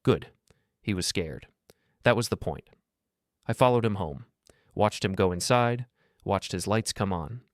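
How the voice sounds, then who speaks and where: A middle-aged man tells a first-person revenge story in a low voice, cold and deliberate. The recording is dry and close, with no room sound. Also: no echo. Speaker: narrator.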